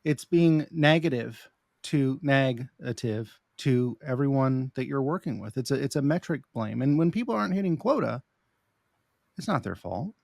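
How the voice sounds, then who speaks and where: A man's voice: medium pitch, lively intonation, normal speed, gravelly, darkish tone, no room sound, clean studio sound. A man hosting a casual podcast conversation, reacting emphatically and enthusiastically. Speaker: podcast host.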